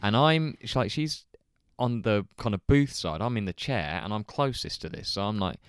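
A low-pitched man tells a story in casual podcast chat. His pitch swings widely as he acts out quotes, swearing and laughing often. The sound is dry and close. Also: animated, moderate pace, clean tone, dry recording. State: hungover. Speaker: podcast co-host telling a story.

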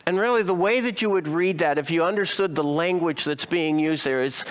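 A male pastor preaching a sermon expressively, asking his listeners rhetorical questions and slowing down to stress key phrases. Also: on the high side.

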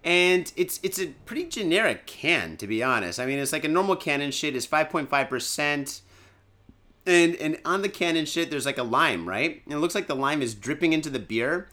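A man hosting a podcast out of Michigan drinks in the daytime and chats in a loose, joking, foul-mouthed way heavy with fillers. His voice runs on the high side, pushed and bright, with lively intonation at a normal pace.

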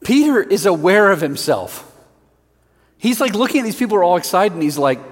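A male pastor giving a sermon in an animated, conversational way with self-deprecating humor. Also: sits high, a little fast, long reverb tail.

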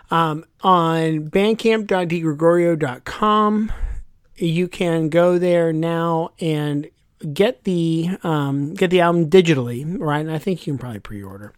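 A man's voice: fairly high pitch, slow pace, clean tone. A man co-hosting a podcast from a room at home, chatting casually and enthusiastically, rambling and correcting himself as he goes. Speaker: podcast co-host. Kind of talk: casual chat. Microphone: headphones with mic at home.

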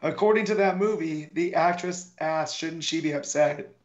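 A man co-hosts a casual podcast, dropping short dry wisecracks between the others' talk. His voice sits somewhat high. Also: moderate pace, lo-fi sound. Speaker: podcast co-host. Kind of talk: casual chat.

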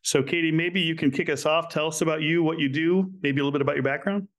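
A man's voice: a little high, fairly even intonation, fast, a bit bright. A man hosting a podcast, introducing guests and questions in a friendly, upbeat way. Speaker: podcast host.

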